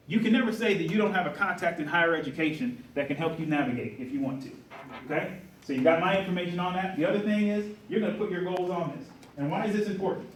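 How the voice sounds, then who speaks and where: A middle-aged man delivers a lively motivational talk to a conference crowd, checking in with the audience as he goes. His voice sits a little high and moves quickly. It is recorded from some distance in a very echoey hall. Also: slight background noise. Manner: energetic, asks the room questions. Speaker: conference speaker. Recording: roomy hall audio from a distance.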